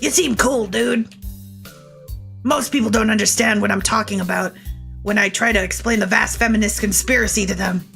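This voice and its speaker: A woman's voice: mid-range voice, normal speed, vocal fry, fairly bright tone, soft background music. A woman voicing a paranoid, rambling teenage boy who talks in conspiracies.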